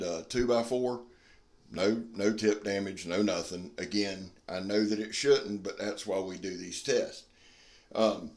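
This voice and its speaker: A plainspoken man talks through a knife review in a fairly low voice, candid and down-to-earth. His voice rings a little, as if caught in an echoey space. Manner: folksy, blunt and candid. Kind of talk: casual product review.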